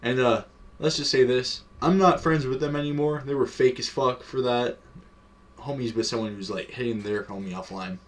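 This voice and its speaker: A man's voice: mid-range voice, normal speed, recorded from a distance. A young man telling a story from his own life in a casual vlog, swearing a lot, rambling with many fillers and chuckling as he goes. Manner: profane and rambling, heavy on fillers. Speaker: vlogger.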